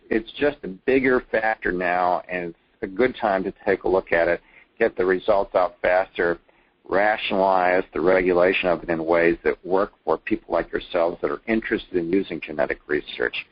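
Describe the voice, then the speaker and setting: A man gives a plainspoken presentation with folksy asides, his voice low and husky. The recording is dull and lo-fi, and the sound is dry and close. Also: normal speed, no echo. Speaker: advocacy trainer.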